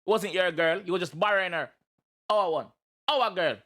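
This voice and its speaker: A man with a Jamaican accent hosting a reaction video, talking in playful, loud patois and breaking into chanted shouts. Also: sits high, moderate pace. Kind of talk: animated reaction commentary.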